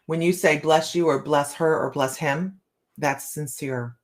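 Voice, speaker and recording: Her voice sits low and steady, and she never hurries. This middle-aged woman runs a relaxed livestream where she reads tarot cards, addresses viewers by name, and often breaks into laughter.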